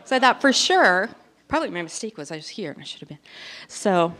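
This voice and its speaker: A woman in her forties performing a self-deprecating stand-up comedy routine, telling stories with animated delivery. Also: mid-range voice, fairly quick, slight background noise. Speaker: stand-up comic.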